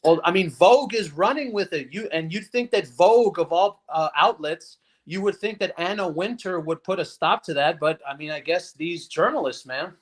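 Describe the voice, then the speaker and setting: Guy with a high voice, rambling casually as a guest on a stream. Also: moderate pace, few pauses. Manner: conversational, rambling. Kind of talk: casual live-stream chat.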